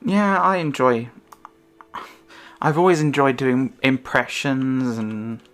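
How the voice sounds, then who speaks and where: A woman's voice: extremely low pitch, takes it slowly, soft background music. A woman streamer chatting casually in a rambling, self-conscious way, her intonation rising and falling.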